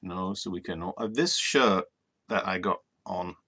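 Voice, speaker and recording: A man's voice: sits low, normal speed, bright, forceful tone. A man co-hosting a casual live-streamed talk show, joking around playfully and trailing off into fillers. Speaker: co-host.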